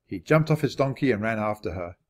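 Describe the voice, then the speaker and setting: A man narrating a children's audiobook in an expressive reading voice. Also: fairly quick. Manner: expressive, varied pitch. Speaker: audiobook reader.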